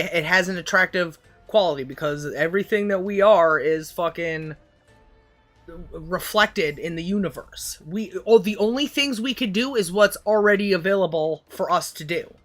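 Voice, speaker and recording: Woman, bright voice, casual livestream chat, philosophizing, swears a lot, faint music behind. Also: lowish voice, normal speed. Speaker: livestream host.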